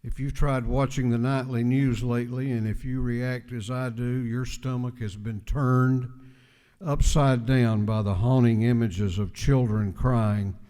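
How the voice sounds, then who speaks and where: Slow, deliberate man in an echoing chamber. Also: medium pitch, fairly even intonation, warm tone. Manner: measured, emphatic, with repetitions for stress. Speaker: state legislator presenting a resolution. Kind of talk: formal floor speech. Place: legislative chamber. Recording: long reverb of a large chamber.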